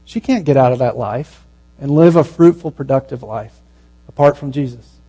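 A man preaching a sermon, telling a story in a conversational way and dropping to a hushed, slow voice at its tender moments. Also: medium pitch, husky, low-quality recording.

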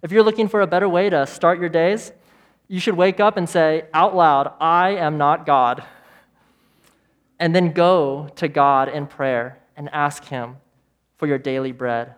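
A man preaching a sermon as pastor, emphatic, with repeated phrases and dramatic pauses. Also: on the high side, steady tone. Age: adult parent of young children.

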